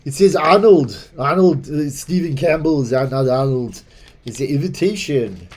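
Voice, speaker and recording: A man doing a loud, hammy impression of a boastful muscleman action hero with a mock Austrian accent. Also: steady tone, a little slow, close to an everyday voice. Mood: excited. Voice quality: loud, booming put-on voice that keeps slipping. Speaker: impression of a famous action star.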